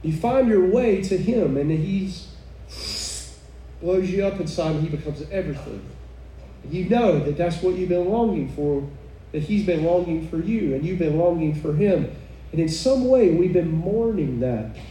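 A woman preaches a sermon with fervor, breaking into exclamations and soft chuckles. Her voice is mellow and dark. She is heard from some distance in a reverberant room, with a faint hiss underneath. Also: lowish voice, expressive, moderate pace. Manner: fervent, exclaiming, chuckling asides. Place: room with a live audience. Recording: echoey room, mic far off, faint noise.

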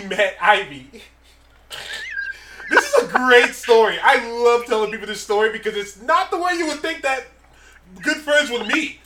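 A man co-hosting a casual chat, telling stories in a profane, animated way and laughing often. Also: high voice, a little hiss or hum. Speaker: podcast co-host.

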